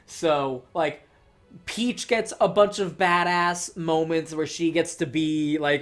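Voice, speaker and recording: A man's voice: fairly high pitch, steady tone, slow pace, fairly bright tone, soft background music. A young man rambling casually through a movie review, swearing, laughing often and filling his talk with "like". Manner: rambling, swears, filler-heavy, laughs a lot.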